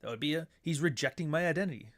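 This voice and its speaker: A blunt, foul-mouthed man talks straight through a casual monologue as host of his own show. His voice sits a little higher than most men's. He slips into mocking put-on voices when he quotes others. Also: racing, fairly bright tone.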